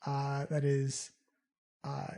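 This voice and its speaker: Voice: mid-range voice, monotone, very slow, warm tone. A game master narrating a tabletop game with vivid, playful descriptions and sound effects.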